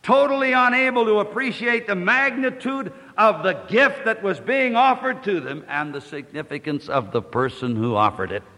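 A man preaching a sermon, reading scripture in a declamatory way, slowing and rising on the quoted verses. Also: high-pitched, pushed and bright. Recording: long hall reverb.

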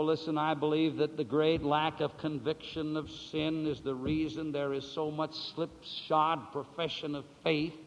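A man delivers a sermon, shifting between quiet, low stretches and loud, elongated words. He poses questions to his listeners and then answers them himself, captured in a dull, lo-fi recording with a long hall reverb.

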